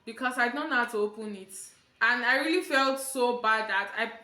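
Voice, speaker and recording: A woman's voice: on the high side, normal speed, reverberant. A young Nigerian woman vlogger with a Nigerian accent, telling a storytime tale and acting out quotes. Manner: animated storytelling, acting out quotes in Pidgin and Yoruba. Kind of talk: storytime vlog.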